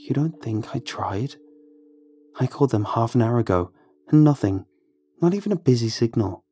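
A man's voice: medium pitch, animated, normal speed, mellow, slightly rough. A man voicing a frightened young man who is trapped in a storm, his voice hollow and slipping into manic rambling. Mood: desperate.

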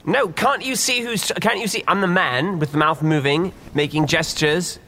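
A man's voice: fairly high pitch, moderate pace, sharp tone, pitched above the performer's own voice. A man playing an indignant male author. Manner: indignant, protesting.

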